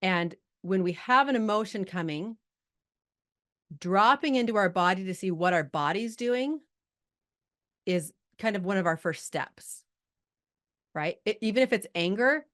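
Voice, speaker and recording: A middle-aged woman coaching a group over a video call, chatty and lively, holding back tears at times. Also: medium pitch, moderate pace, long pauses. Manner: chatty, lively, talks to the chat audience. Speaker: life coach hosting a live group call. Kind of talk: casual coaching talk.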